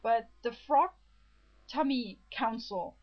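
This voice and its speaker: Woman film chatter, eager and rambling, slightly high voice, muffled lo-fi sound. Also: slow pace. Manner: chatty, excited retelling with restarts. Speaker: film reviewer. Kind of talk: casual chat. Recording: dull lo-fi recording.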